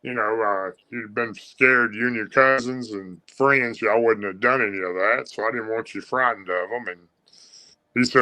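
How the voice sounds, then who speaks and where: Rambling Southern man, forceful tone. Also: on the low side, normal speed, no room sound, poor audio. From Tennessee. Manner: rambling, with many fillers and restarts. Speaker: guest. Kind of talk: storytelling.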